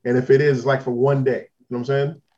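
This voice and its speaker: A man's voice: medium pitch, little pitch movement, quick pace, mellow, muffled recording. A man co-hosting a podcast, telling a long story in casual slang, still getting over an illness. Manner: laid-back storytelling with slang. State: recovering from illness, lingering symptoms. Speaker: podcast co-host.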